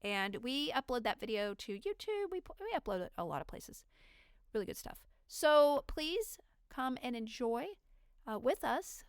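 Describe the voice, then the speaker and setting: A woman's voice: fairly high pitch, very animated, normal speed, clean tone, no echo, studio quality. A woman hosting her own podcast, chatting freely and at length in a rambling, unedited monologue. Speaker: podcast host. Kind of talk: casual solo monologue.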